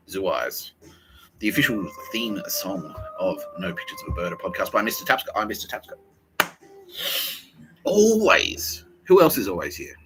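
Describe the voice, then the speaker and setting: A man hosting his own comedy podcast, rambling and swearing as he thinks out loud. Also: low voice, poor audio. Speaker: podcast host.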